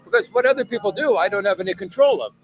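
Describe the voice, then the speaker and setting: A man's voice: sits high, lively intonation, racing, dull audio, slight background noise. A man chatting casually on a livestream in a bar or restaurant, reading viewer comments and rambling with lots of fillers, often tagging "right?" onto his sentences. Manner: rambling, filler-heavy, keeps asking "right?". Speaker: live streamer reading viewer chat.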